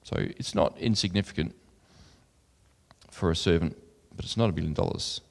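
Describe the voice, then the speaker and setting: Deep and creaky, this preacher's voice moves at normal speed as he earnestly reads scripture during a sermon. Between readings he makes conversational asides sprinkled with fillers. A long hall reverb surrounds the sound.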